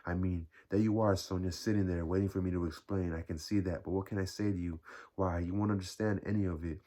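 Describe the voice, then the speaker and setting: A man's voice: low voice, fairly even intonation, fast, warm tone, close to an everyday voice. A man reading aloud, voicing a tormented young man who confesses wearily and in despair. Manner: weary, despairing, ironic.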